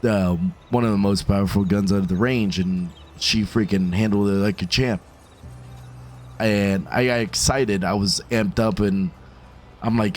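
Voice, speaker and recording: A man working as a firearms instructor, casually telling a story to camera in a laid-back, animated way with some swearing. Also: fairly low pitch, unhurried, a little hiss or hum.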